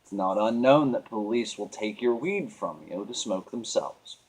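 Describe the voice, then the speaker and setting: A man's voice: lowish voice, lively intonation, normal speed, darkish tone, breathy edge. A man venting in a casual monologue, rambling and earnest, often restarting his sentences. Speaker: vlogger.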